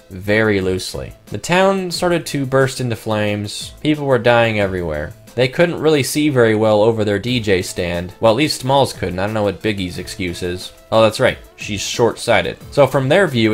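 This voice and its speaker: A man narrating a comic game story with wry, joking asides. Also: lowish voice.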